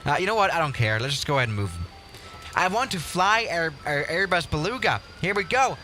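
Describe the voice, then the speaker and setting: A young male streamer with a fairly high, bright voice that swings widely in pitch as he chats. He talks in an excitable, rambling way and pokes fun at himself, with faint music playing underneath. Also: fairly quick. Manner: excitable, rambling, self-mocking. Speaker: livestream host. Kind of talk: casual game livestream commentary.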